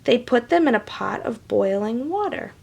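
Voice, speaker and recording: A woman reading a children's picture book aloud, with animated, chatty asides to young listeners. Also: a little high, normal speed, vocal fry. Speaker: storybook reader.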